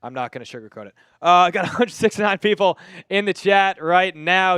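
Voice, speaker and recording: Smooth-voiced Long Island man hosting. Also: high voice, lively intonation, quick pace, few pauses, a bit bright, no echo, clean studio sound, faint music behind. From Long Island, New York. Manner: casual, chatty, reads viewer messages aloud. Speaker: livestream host. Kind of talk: live game watch-party commentary with chat.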